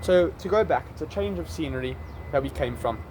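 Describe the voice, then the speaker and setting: A man's voice: on the high side, expressive, brisk, darkish tone, a little hiss or hum. A man with a South African accent talking casually to the camera outdoors in a vlog, rambling and correcting himself as he goes. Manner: chatty, rambling, self-correcting. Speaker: vlogger. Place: outdoors in an urban area.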